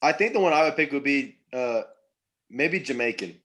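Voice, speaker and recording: A man co-hosting a casual podcast chat, chatty and full of quick jokey asides. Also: medium pitch, lively intonation, fairly bright tone. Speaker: podcast co-host.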